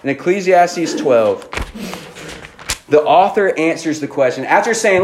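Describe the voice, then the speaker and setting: A youth pastor with a fairly high voice preaches in an easy, conversational way, restarting his sentences and sprinkling in "like" and "man". The sound is echoey, as in a church hall, with faint room noise underneath. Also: animated. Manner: casual and conversational, with frequent "like" and "man" and quick restarts. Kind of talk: lively youth sermon.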